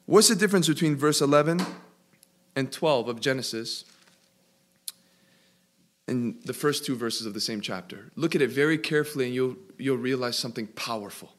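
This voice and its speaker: A man preaching a sermon and asking his listeners questions, slowing and rising in pitch to stress key words.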